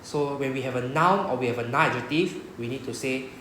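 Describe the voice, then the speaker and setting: A man's voice: mid-range voice, fast, fairly bright tone, reverberant, slight background noise, poor audio. A man with a Singaporean English accent teaching a Japanese class, often checking with "right?". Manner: repeats "right?" to check understanding. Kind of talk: classroom lesson explanation.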